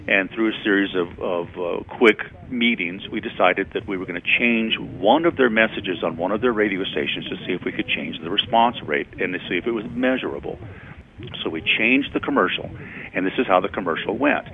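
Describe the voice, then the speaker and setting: Man, very low voice, thin phone-like radio sound, conversational storyteller. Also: brisk. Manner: conversational storyteller, acts out quotes. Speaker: guest speaker on storytelling. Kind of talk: radio interview, anecdotal explaining.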